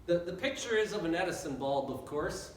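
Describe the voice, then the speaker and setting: Pastor, male, high voice, earnest sermon delivery, mic distant in a very reverberant church. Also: lively intonation, fairly quick, a little hiss or hum. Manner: earnest, repetitive preaching with rising appeals. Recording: echoey church hall from far off.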